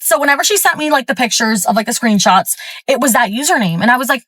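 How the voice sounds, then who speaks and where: A fast-talking Florida woman with a fairly high, slightly bright voice vlogs a casual storytime monologue, chatty and fired up, with fillers crammed into every sentence. She's recorded at a gym, yet the audio is close and dry with no room echo.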